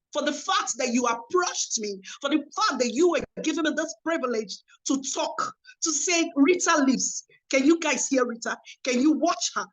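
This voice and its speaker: A woman's voice: fairly high pitch, a bit bright, low-quality recording. A young woman speaking at a conference, giving a personal testimony with lots of reported dialogue, emotive and earnest.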